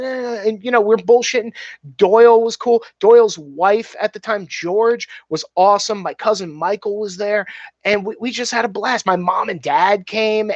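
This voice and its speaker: A filmmaker guest, a man, tells stories casually, animated, swearing freely and speaking candidly. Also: sits high, no room sound. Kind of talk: casual storytelling. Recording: dull, dry, slightly muffled.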